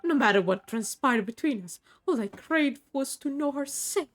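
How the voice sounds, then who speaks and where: A woman's voice: high-pitched, expressive, moderate pace, faint music behind, voice pushed up. A woman doing a mournful undead man with a put-on accent. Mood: anguished. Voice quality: dramatic, earnest delivery. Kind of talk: reading game dialogue aloud.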